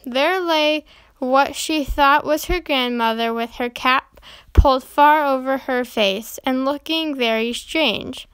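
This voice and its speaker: High-voiced woman reading a children's story. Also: slow, fairly bright tone, clear, resonant tone, no room sound.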